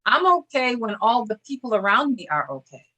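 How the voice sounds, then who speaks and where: An older woman with a bright, clear voice talks as an interview guest. She speaks earnestly and measuredly, breaking into short restarts as she reflects. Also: a little high, sing-song, fairly quick. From Boston area. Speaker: interview guest, former state senator.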